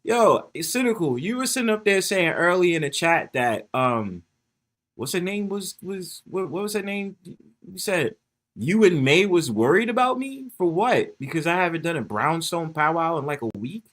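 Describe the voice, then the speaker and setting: Animated, profane man. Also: fairly high pitch, moderate pace. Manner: animated, profane, often laughing, talks straight to the chat. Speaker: livestream host. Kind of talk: casual livestream chat to viewers. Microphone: phone.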